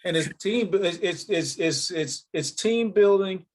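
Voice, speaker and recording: A man's voice: sits high, slow pace. A man co-hosting a casual chat, adding short agreeing replies and laughing easily. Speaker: podcast co-host.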